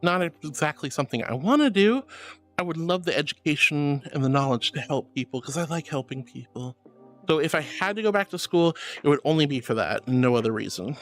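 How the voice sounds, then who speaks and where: A woman's voice: sits low, expressive, fairly quick, faint music behind. A woman streamer reading out chat messages, affectionate and giggly, calling viewers darling and honey. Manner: laughs often. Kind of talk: casual live-stream chat.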